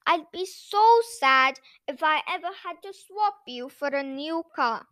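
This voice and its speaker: A woman voicing an excitable little male toy taxi driver, speaking brightly and emphatically. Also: sits high, measured pace, dry recording, clean studio sound, full character voice. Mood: fond. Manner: bright, emphatic and easily cross.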